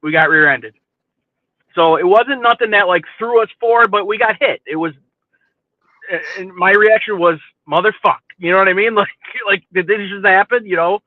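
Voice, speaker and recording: Profane, animated man telling a story. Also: high-pitched, normal speed, no room sound. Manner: profane, animated, keeps asking "you know what I mean". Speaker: podcast host telling a story. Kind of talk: casual storytelling chat. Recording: dry, phone-like lo-fi sound.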